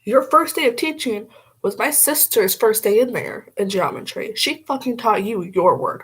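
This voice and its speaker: A woman's voice: mid-range voice, expressive, normal speed, fairly bright tone, husky, low-quality recording. A young woman vlogging casually as she does her makeup, blunt and rambling, swearing freely.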